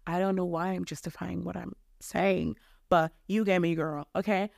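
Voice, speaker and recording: A woman's voice: fairly low pitch, fairly even intonation, moderate pace, vocal fry, no room sound, clean studio sound. A young woman from Mozambique hosting a solo podcast from her bedroom, ranting casually in a rambling, self-deprecating way with casual swearing. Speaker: podcast host.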